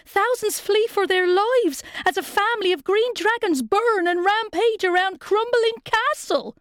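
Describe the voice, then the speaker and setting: A woman's voice: very high-pitched, unhurried, fairly bright tone, no echo, studio quality, pitched above the performer's own voice. A woman voicing a breathless young male page who cries out the news headlines. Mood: alarmed.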